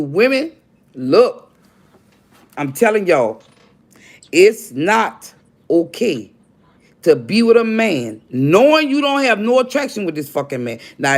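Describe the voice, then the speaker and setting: An older woman hosting a livestream, telling a personal story bluntly and with heavy profanity while speaking straight to her viewers. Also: mid-range voice. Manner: blunt, profane, addresses viewers directly as y'all. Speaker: livestream host. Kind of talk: confessional storytelling to a live audience.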